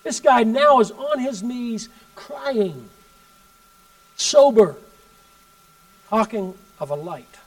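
A male preacher tells his story in a sermon. His voice sits fairly high, and he swings between loud emphatic bursts and hushed asides. The mic is some distance from him. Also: expressive, takes it slowly, pauses often.

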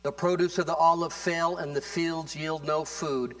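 Higher-voiced man preaching with fervor. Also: fairly even intonation, moderate pace. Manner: fervent preaching that swells louder and higher in passages; conversational, with repeated words and restarts. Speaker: pastor. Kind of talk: sermon.

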